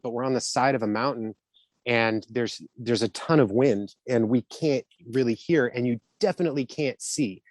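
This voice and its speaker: Lively middle-aged man telling stories, dry sound. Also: mid-range voice, no echo. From Southern United States. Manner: animated, laughing storyteller. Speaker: actor guest. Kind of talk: casual interview storytelling.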